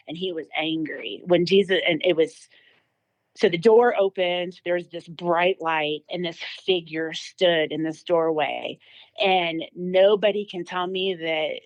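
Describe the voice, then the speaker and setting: A woman's voice: on the low side, unhurried, dull audio. A woman giving a personal testimony as a podcast guest, telling her story vividly with many fillers and restarts.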